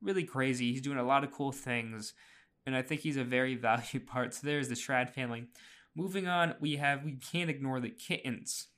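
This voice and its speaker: A man's voice: mid-range voice, moderate pace, a bit bright. A man hosting a casual podcast recap, chatty, with frequent fillers, restarts and small laughs. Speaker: podcast host.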